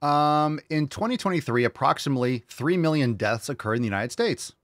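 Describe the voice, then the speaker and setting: A man's voice: fairly high pitch, animated, fairly quick, fairly bright tone, no room sound, studio quality. A man hosting a casual reaction show, talking bluntly and sarcastically with plenty of swearing. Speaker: show host.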